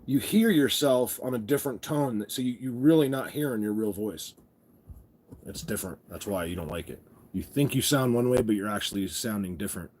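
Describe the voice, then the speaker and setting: Freshly awake and still groggy, a vlogger goes live from his phone camera and rambles casually, greeting viewers by name. His voice is on the low side and a little mellow, with lively intonation and a slightly fast pace.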